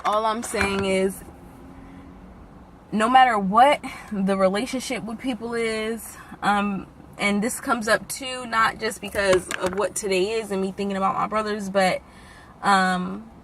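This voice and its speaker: A woman's voice: medium pitch, steady tone, measured pace, a bit bright, slight background noise. A woman vlogging in a candid, emotional way, swearing freely and near tears as she talks. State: tearful. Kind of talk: casual emotional vlog talk.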